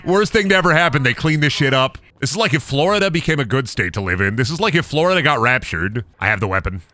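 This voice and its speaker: A man's voice: medium pitch, animated, quick pace, pushed and bright, dry recording. A young man streaming a game, rambling through goofy jokes, swearing, and chatting with his audience. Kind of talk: casual game-stream commentary.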